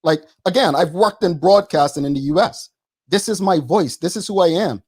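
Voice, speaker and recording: A man, co-hosting a studio talk show and arguing his point quickly and emphatically, repeating words. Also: high voice, darkish tone, husky. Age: 40s. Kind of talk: studio debate.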